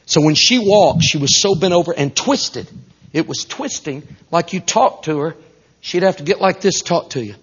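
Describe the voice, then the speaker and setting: A man with a Southern US accent preaching a storytelling sermon, folksy and animated, dropping to a hush and then rising loud. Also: on the high side, breathy edge. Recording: dull lo-fi recording.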